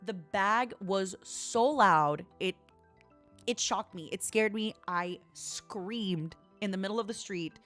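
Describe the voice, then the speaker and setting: A woman's voice: medium pitch, takes it slowly, a bit bright, faint music behind. A woman streamer in casual chat, telling a story dramatically and animatedly.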